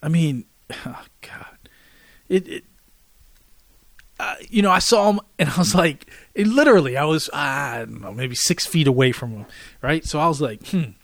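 Guy rambling thru a story on his podcast, kinda high voice, dead dry sound. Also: moderate pace, long pauses, no room sound. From Washington, D.C. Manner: rambling, repeats himself, animated storyteller. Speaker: podcast host. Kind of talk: casual solo storytelling.

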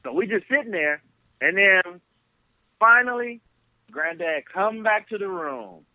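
A man from Flint, Michigan, telling stories as a podcast guest over the phone, animated and acting out the people in them. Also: high voice, unhurried, dry recording. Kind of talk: casual storytelling on a podcast. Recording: tinny phone line.

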